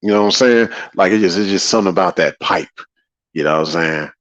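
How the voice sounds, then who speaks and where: Deep-voiced man preaching on a livestream. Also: fast, fairly bright tone. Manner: preachy, repeats phrases for emphasis, greets chat viewers. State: tired after a long day. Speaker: livestream host. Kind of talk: casual livestream monologue. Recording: slightly dull lo-fi audio.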